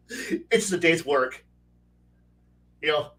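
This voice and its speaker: A man hosting a casual chat about tabletop game design, animated and laughing, acting out quoted voices and swearing now and then. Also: fairly high pitch, normal speed, long pauses, recorded from a distance, low-quality recording. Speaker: host. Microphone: video call.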